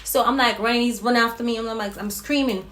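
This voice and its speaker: Woman, casual storytime vlogger, lively and swearing, echoey room with slight hiss. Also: on the high side, fast talker. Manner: animated, profane retelling. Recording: roomy with faint noise.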